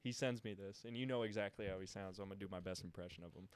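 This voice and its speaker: A man's voice: sits low, very fast, clean tone. Laughing young man telling stories. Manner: laughing, animated storyteller, swears freely. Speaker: podcast participant. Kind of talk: casual storytelling chat. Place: podcast studio.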